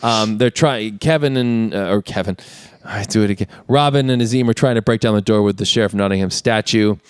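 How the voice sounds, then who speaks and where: Smooth-voiced man recapping a movie. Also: lowish voice, fairly quick, no room sound, clean studio sound. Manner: retells scenes with put-on character voices. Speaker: podcast co-host. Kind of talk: casual movie recap chat.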